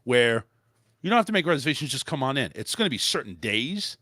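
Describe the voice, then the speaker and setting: A man's voice: mid-range voice, sing-song, fast, sharp tone, no echo, clean studio sound. A man hosting a casual talk show, rambling with restarts and the odd curse. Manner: loose, rambling delivery with frequent restarts and mild swearing. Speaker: podcast host. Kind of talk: casual chat.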